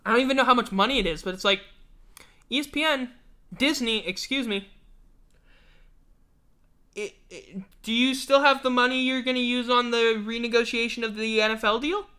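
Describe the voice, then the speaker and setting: A man's voice: very high-pitched, moderate pace, long pauses, sharp tone, clear, resonant tone. A man hosting a live stream, chatting casually and rambling, swearing freely and joking at his own expense while sounding yawny and tired. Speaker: livestream host.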